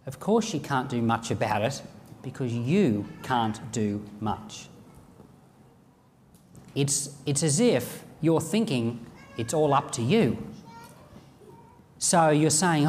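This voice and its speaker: A man preaching a sermon, reading scripture aloud and acting out the lines of imagined speakers in an animated way. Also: medium pitch, takes it slowly, pauses often, long reverb tail, slight background noise.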